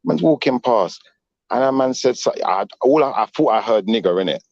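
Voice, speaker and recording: A middle-aged man, telling a story in animated street slang on a casual stream panel. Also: mid-range voice, a little fast, no echo, muffled recording. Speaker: panel guest.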